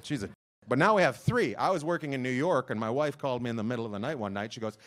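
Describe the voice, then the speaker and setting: A male stand-up comedian on stage before a live audience, telling a loud rambling story and acting out the voices of his wife and his dog. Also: mid-range voice, animated, fast. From lives in Long Beach, California.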